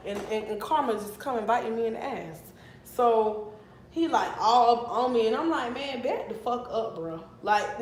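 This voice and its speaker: Young woman, storytime vlog, casual and profane, fairly high voice, roomy echo, faint hum. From Miami, Florida. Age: 20s. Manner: animated and profane, flaring into mock anger. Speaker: vlogger telling a story.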